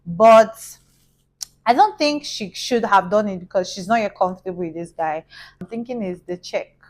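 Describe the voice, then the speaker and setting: A young Nigerian-accented woman recounts a tale for her vlog. She sits at a mid pitch. She talks in a lively, gossipy way and slips into other people's voices. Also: moderate pace, rough recording. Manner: animated, gossipy, acts out voices. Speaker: vlogger. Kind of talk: casual storytelling.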